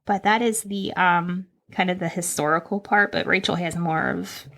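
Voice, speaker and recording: This podcast co-host from Northern Kentucky speaks in a fairly low, fairly bright voice, her tone steady and her pace moderate. She chats casually indoors from a squeaky chair, laughing frequently and veering into tangents.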